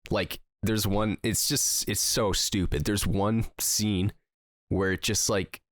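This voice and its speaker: In a studio-quality recording with no echo, a man with a fairly low voice speaks slowly and with fairly even intonation. He's a podcast co-host chatting casually, rambling through stories with plenty of fillers and laughter.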